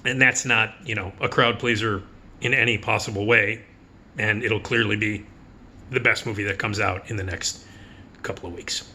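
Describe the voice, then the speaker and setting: A bright, forceful male voice in a casual movie preview. He talks bluntly and swears freely. He is sarcastic and dismissive, and he breaks into quick mocking impressions. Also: on the low side, fairly even intonation, a little hiss or hum. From United States. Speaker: film critic.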